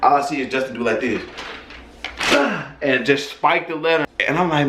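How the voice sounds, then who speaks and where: Man telling a story casually, cussing freely, mid-pitched, recorded in a roomy, echoing space. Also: lively intonation, moderate pace, pauses often, background noise. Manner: loose, profane, conversational.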